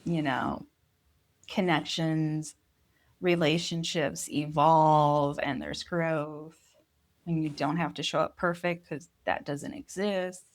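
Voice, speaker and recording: Lively mom podcaster, lower voice. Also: female voice, slow pace. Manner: animated storyteller, laughs while talking. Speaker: podcast co-host. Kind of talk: casual podcast chat.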